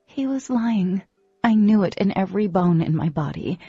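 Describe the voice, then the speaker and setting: A woman narrating a first-person audiobook in an expressive, dramatic storytelling manner, on a close microphone. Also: medium pitch, normal speed, breathy edge, no echo, dull audio, soft background music.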